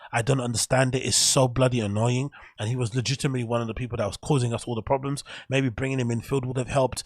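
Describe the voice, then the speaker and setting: A man's voice: medium pitch, gravelly, breathy edge, dry recording. A young man with an English accent, hosting a casual solo show and ranting with frustration and frequent swearing. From England. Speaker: show host.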